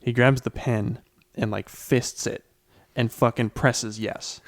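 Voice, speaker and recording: A young man talks casually on a podcast, relaxed and easygoing, with a little swearing. His voice is at an ordinary pitch for a man and sounds dry and close to the mic. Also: slow, dry recording. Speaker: podcast co-host. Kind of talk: casual chat.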